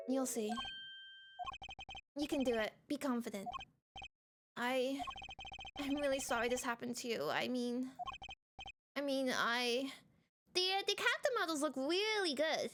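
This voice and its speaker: A woman's voice: sits high, expressive, normal speed, long pauses. A woman streaming a game at home on a desk mic, chatting in a self-mocking way and reading the dialogue aloud. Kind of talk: casual let's play chat, reading game dialogue. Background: game music.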